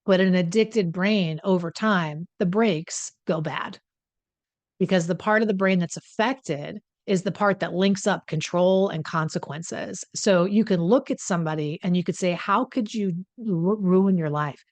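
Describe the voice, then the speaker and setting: A middle-aged woman hosts a podcast in a casual, explaining tone, her voice sitting on the low side. She talks in a chatty, animated way and slips into little acted-out inner voices. The sound is dry, with no room behind it. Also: moderate pace, no echo. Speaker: host.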